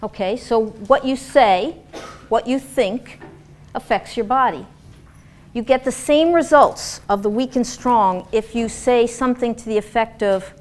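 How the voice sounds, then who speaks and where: Woman giving a lively therapy lecture. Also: fairly high pitch, unhurried, a little hiss or hum. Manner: animated, demonstrative, acts out example voices. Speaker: dance/movement therapist lecturer. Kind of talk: interactive classroom lecture.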